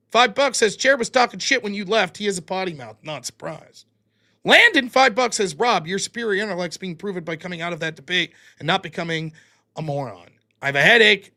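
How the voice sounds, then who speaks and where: Bright, lively male streamer. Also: high voice. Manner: rattles off donor names and amounts, dry quips. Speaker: streamer host reading donations. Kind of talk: casual livestream chat.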